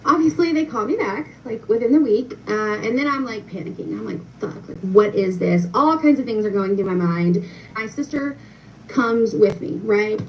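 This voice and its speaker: Speaking at a normal speed in an expressive, higher-pitched voice, a young woman tells her viewers a personal story. She's chatty and uses lots of fillers as she addresses them directly, captured on a distant, muffled recording with some faint noise.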